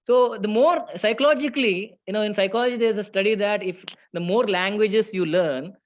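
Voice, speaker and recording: A man's voice: high voice, brisk, muffled recording. A man teaching an online class, chatty, asking the class questions and reading out their answers.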